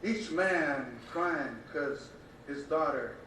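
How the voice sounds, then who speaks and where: A man's voice: a little high, expressive, very slow, bright, forceful tone, recorded from a distance, slight background noise. A man performing a spoken-word poem with an impassioned, rhythmic, repetitive cadence. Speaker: poet. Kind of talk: spoken-word poetry recitation. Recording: very echoey room, voice from afar.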